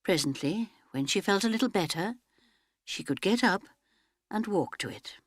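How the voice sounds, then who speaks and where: A woman's voice: mid-range voice, lively intonation, moderate pace, no echo, clean studio sound. A woman narrating an audiobook dramatically, often dropping to a whisper.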